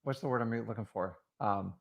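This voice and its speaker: A man's voice: lowish voice, moderate pace, creaky. A middle-aged man co-hosting a casual real estate coaching chat, earnest and advice-giving, talking straight to viewers. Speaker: co-host, real estate investor.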